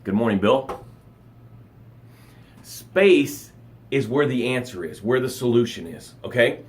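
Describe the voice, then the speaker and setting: In an unhurried, medium-pitched voice, a middle-aged life coach livestreams a motivational talk to his camera. He's dramatic and animated, acting out noises and gasps.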